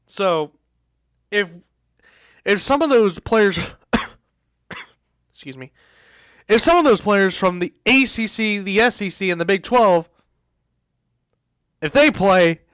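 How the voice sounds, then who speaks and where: A man's voice: high voice, sharp tone, smooth, dry recording. A man hosting a casual sports talk show, ranting in exasperation and repeating himself. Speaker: host.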